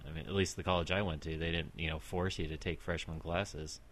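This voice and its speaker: A man's voice: low voice, steady tone, brisk, slight background noise. A man in casual chat with friends, chatty and explaining things at length.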